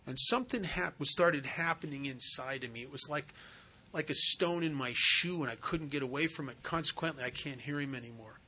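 A man's voice: fairly high pitch, brisk, bright, forceful tone, husky. A man speaking at a recovery meeting as a sponsor, telling a personal story in an earnest, conversational way.

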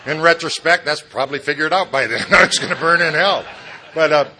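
A man's voice: on the high side, a little fast, background noise. A middle-aged man giving a humorous personal testimony at a recovery meeting, self-deprecating and chuckling at his own lines as he talks straight to the audience.

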